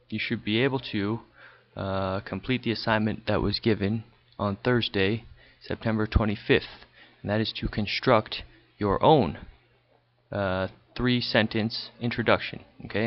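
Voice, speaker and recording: A man's voice: on the low side, moderate pace. A man teaching a recorded language lesson over slides, explaining patiently and checking in with a frequent "okay". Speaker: high school Chinese teacher. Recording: dull lo-fi recording.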